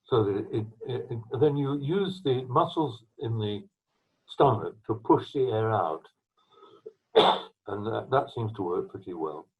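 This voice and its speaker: An older English man with a husky voice, answering interview questions over a video call from home in a rambling, anecdotal way. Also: lowish voice, lively intonation, unhurried, rough recording. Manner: rambling, anecdotal, with restarts and coughs. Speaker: trombonist and mouthpiece maker, interviewee. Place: his home.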